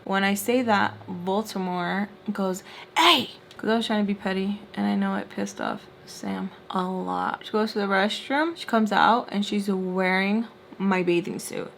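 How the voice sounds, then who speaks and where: A young woman casually telling a story while doing her makeup, animated and full of fillers. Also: mid-range voice, normal speed, gravelly, a little hiss or hum. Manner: animated, filler-heavy retelling with quoted voices. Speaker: storytime vlogger.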